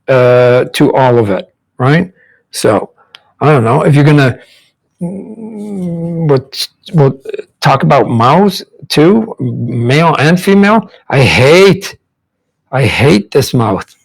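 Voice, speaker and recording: A man with a somewhat high voice talks through a live drawing lesson while he sketches. He rambles, restarts and repeats words, and he acts out mouth sounds to show what he means. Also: low-quality recording. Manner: demonstrates mouth sounds and faces. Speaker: comic book artist teaching drawing. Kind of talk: casual live drawing demonstration.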